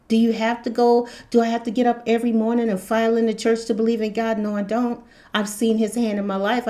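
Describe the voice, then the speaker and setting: A woman's voice: on the high side, warm tone. A woman talking casually and earnestly about faith and spirituality, rambling and repeating herself as a channel host. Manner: rambling, repetitive, earnest, laughs often. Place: hot room indoors.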